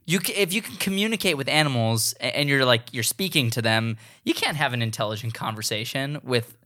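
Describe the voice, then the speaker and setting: Male podcast host, casual, bright tone, giggly, restarts sentences. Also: medium pitch, expressive, a little fast. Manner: laughs often, restarts sentences. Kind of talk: casual chat.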